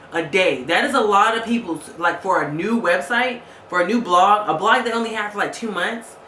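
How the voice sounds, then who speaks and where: A woman's voice: mid-range voice, sharp tone, roomy sound, slight background noise. A woman vlogger telling a story casually, angry and fed up, retelling a phone call with lots of quoted back-and-forth.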